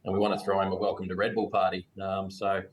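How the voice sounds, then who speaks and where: A man from Perth with an Australian accent, telling his career story as a guest in a relaxed, rambling way on a video call. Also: deep voice, fast, poor audio. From Perth, Western Australia. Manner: laid-back, rambling, casual slang.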